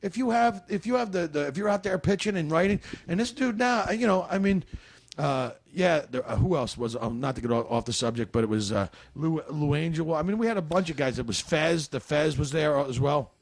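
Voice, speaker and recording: A man's voice: a little high, expressive, brisk. A man, a comedian guest, chatting casually on a podcast, rambling and restarting as he tells stories. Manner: rambling, restarts often, storytelling.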